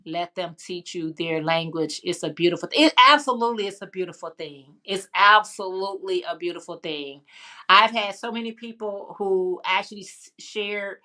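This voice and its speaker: A woman with a Chicago accent hosts a casual live chat, greeting viewers and telling stories in a chatty, easygoing way. Her voice sounds bright and forward, at a middle pitch. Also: moderate pace. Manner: chatty, storytelling, reads out viewer comments. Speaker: livestream host.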